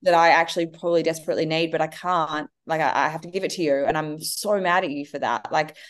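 Woman, 30s, podcast guest, lowish voice, animated storyteller. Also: fast talker. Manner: animated, acts out her kids' voices. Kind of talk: casual conversation.

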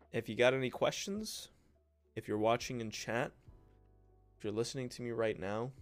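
A man's voice: lowish voice, gravelly. A young man hosting his own podcast, telling childhood stories in a loose, joking way, calling the listener bro and mimicking the people in his stories. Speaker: podcast host and content creator. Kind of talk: casual solo podcast storytelling.

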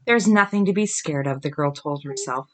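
A woman in her thirties, a podcast host, reading scary stories aloud to her daughter with lively giggles and slow, groaning spooky lines. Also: low voice.

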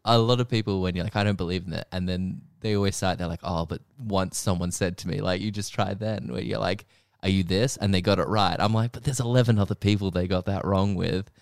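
A young man, co-hosting a podcast in casual chat, animated and teasing, often jumping up high when he laughs. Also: brisk, gravelly, few pauses, clean tone, no room sound, studio quality. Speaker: podcast co-host.

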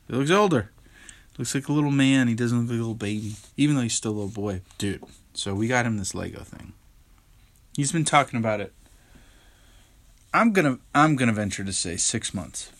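A man's voice: medium pitch, moderate pace, bright, forceful tone. Rambling tired young man podcasting. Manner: rambling, candid, self-interrupting with fillers. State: tired, yawning. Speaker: podcast host. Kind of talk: casual solo podcast chat.

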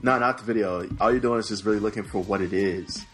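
A man co-hosting a podcast in casual chat, telling stories in a profane, excitable way. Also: on the low side, quick pace, soft background music. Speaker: podcast co-host.

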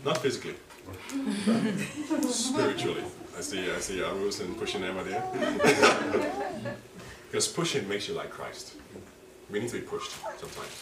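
A man preaching a sermon in a church, animated and dramatic, repeating key phrases and drawing responses from the congregation. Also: on the low side, measured pace, long pauses, over a noisy crowd. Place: church hall. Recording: echoey hall, distant mic, background noise.

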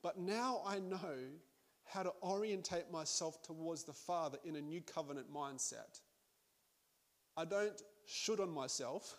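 A man's voice: on the high side, a little slow. A man preaching a sermon in a conversational way, with laughing asides and frequent restarts.

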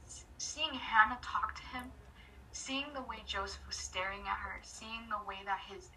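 Excited high bright-voiced woman storyteller. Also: a little slow, recorded from a distance, a little hiss or hum, low-quality recording. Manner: excited rambling with many fillers, whispers for effect. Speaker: storyteller recounting a fan meeting. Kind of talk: casual chat.

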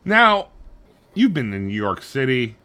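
A man co-hosting a casual podcast, talking in an animated, jokey way. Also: mid-range voice, measured pace, slight background noise. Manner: animated, jokey, slips into voices. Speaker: podcast co-host.

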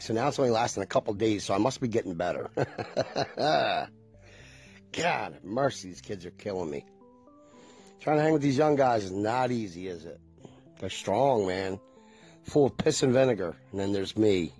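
Husky rambling middle-aged man. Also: lowish voice, a little mellow. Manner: loose, nostalgic, swears freely. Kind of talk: casual rambling chat.

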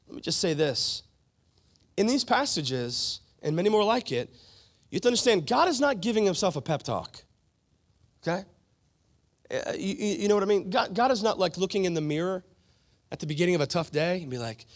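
A male pastor preaching a sermon in an animated style, mixing conversational asides with playful mock impressions. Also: high-pitched, fairly quick.

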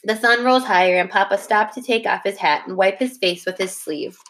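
A woman teacher reading a chapter book aloud to her class, in a steady, plain way that stops to correct its own slips. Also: medium pitch, normal speed.

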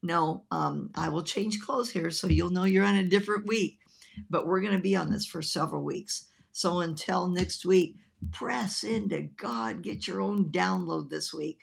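A woman evangelist preaching a broadcast sermon, telling a story with animated quoted voices. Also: on the low side, moderate pace, gravelly, husky. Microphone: filmed by an assistant.

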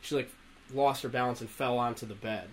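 A young man in casual chat with friends tells rough anecdotes full of swearing. His voice sits at an ordinary middle pitch. A faint room noise hangs in the background. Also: brisk. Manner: profane, animated anecdote-telling with laughter. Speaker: storyteller among friends.

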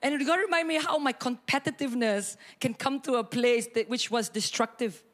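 A woman pastor, preaching and telling a personal story with animated, expressive delivery. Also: moderate pace. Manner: animated storytelling, acts out quotes with sudden high bursts and laughter.

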